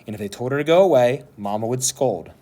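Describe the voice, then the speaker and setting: Man reading a novel aloud, expressive. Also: medium pitch, fast talker. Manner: expressive, animated storytelling. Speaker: teacher.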